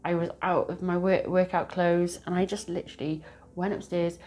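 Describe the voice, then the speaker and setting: A woman's voice: lowish voice, level tone, normal speed, dark tone. A woman giving a casual tarot reading to camera, chatty and rambling, laughing often. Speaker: tarot reader.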